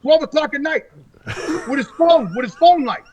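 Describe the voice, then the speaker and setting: A man on a podcast telling a story in casual, profane talk. He sounds exasperated and often shouts and laughs. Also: extremely high pitch, expressive, normal speed, lo-fi sound. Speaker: podcast regular. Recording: noisy podcast recording.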